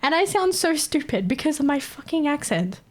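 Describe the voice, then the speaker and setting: A woman's voice: high-pitched, sing-song, moderate pace. An Australian woman chatting casually on a live stream, giggling constantly and swearing freely. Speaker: livestreamer.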